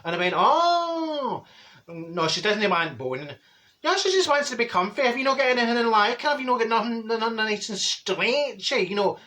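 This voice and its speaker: In this comedy character monologue, a man plays a straight-talking, middle-aged Glaswegian woman in drag voice, trading in gossip. He sounds high, expressive, pushed and bright, going a little fast. It comes across as chatty, blunt, gossipy storytelling.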